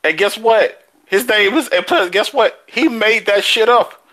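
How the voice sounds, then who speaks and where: Excitable, profane man on a podcast. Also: sits high, low-quality recording. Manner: excitable, profane, quick to laugh. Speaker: podcast co-host. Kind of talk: casual podcast chat.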